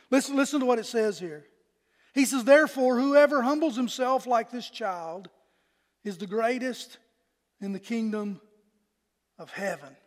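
A male pastor delivers an earnest, folksy sermon, often doubling back on his words. His voice sits very high for a man, and a long reverb trails each phrase through the sanctuary.

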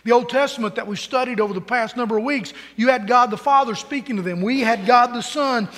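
A man's voice: very high voice, fairly quick, a bit bright, long reverb tail. A man preaching a sermon to his congregation in a conversational way, often repeating words as he starts a phrase. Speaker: pastor. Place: church sanctuary.

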